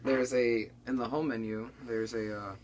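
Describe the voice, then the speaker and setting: A man's voice: medium pitch, fairly even intonation, moderate pace, noisy background. A young man hosting a comedy chat, telling a story in a rambling, casual way with lots of restarts. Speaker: comedy channel co-host.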